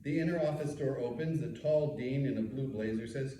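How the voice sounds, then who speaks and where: A man's voice: medium pitch, normal speed, dark tone. A man in his fifties from New York City, a rabbi reading his memoir aloud with a wry storytelling delivery and asides. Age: 50s. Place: meeting room. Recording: echoey room, mic far off.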